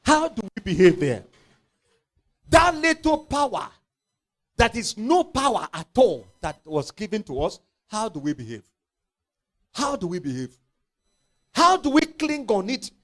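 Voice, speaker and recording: A man delivers a sermon in a high, lively voice. His pitch swings widely as he acts out biblical scenes, shifting between hushed asides and fervent outbursts. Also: a little slow, pauses often. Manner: impassioned, dramatizing scripture with acted voices. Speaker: preacher.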